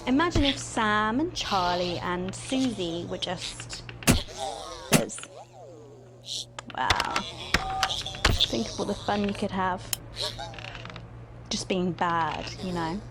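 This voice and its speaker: A woman's voice: mid-range voice, takes it slowly, long pauses, very noisy. An actress playing a sly, mocking female TV host who tempts the player toward bad choices, in a video game. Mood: taunting. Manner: teasing, mocking, purring. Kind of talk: video game live-action acting.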